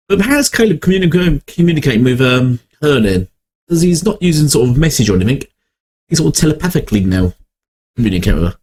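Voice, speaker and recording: A young man chatting casually over a video, wandering through half-finished thoughts and correcting himself as he goes. His voice sits at an ordinary pitch, with faint noise in the background. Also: a little mellow. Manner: rambling, self-correcting, musing aloud. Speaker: reaction video host. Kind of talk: casual reaction commentary.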